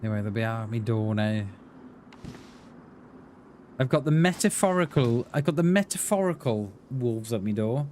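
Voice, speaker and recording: A man's voice: mid-range voice, expressive, normal speed, pauses often, a little mellow. A man chatting in a rambling, chummy way with his viewers while he streams a game. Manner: rambling, chummy, addresses chat as mate and buddy. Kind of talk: casual live-stream chat while playing. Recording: clear game noise behind the voice.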